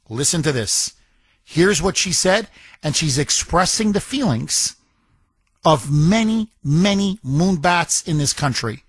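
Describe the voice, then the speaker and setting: Male talk radio host, high and forceful, dry close studio mic, indignant and stumbling in his rants. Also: breathy edge, dry recording. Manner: emphatic, indignant, repeats phrases and stumbles on words. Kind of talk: opinionated talk radio monologue.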